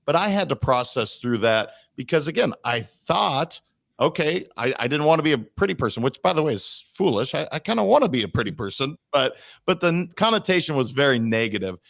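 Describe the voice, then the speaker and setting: A man speaking as a podcast guest, reflective as he works through his ideas out loud. His pitch swings animatedly up and down, with a gravelly fry in it. The sound is close and dry. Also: big pitch swings, a little fast, no echo. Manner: reflective, talks through his own thinking. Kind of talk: podcast conversation.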